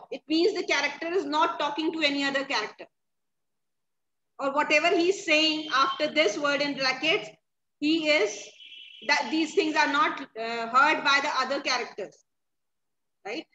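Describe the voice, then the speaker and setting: In this classroom lesson on a play, a woman speaks at normal speed in a high, bright, forceful voice, restating each line and often checking that her listeners follow. Faint background noise sits under an echoey, slightly dull recording.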